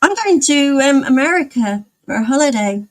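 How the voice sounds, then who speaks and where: A woman's voice: sits high, lively intonation, normal speed, poor audio. A young woman streamer in casual chat, talking with her viewers and answering their comments as she goes. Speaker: livestreamer.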